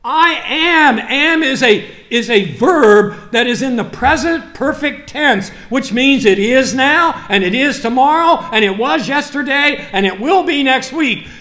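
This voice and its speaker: High bright-voiced male pastor preaching. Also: lively intonation, unhurried, hardly any pauses. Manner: swings from quiet asides to fervent, rising preaching. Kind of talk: sermon. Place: church sanctuary. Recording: roomy church reverb.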